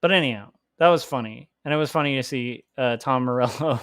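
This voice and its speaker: A man's voice: medium pitch, a little fast, fairly bright tone, smooth, dry recording, studio quality. A man chatting casually on his livestream while he draws comics, rambling, laughing often and filling his talk with "like". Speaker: comics artist livestreaming his drawing work.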